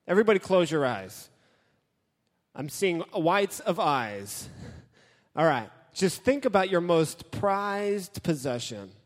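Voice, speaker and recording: A man giving a casual, joking sermon as a youth pastor, talking straight to his audience. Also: fairly high pitch. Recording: hall with long reverb.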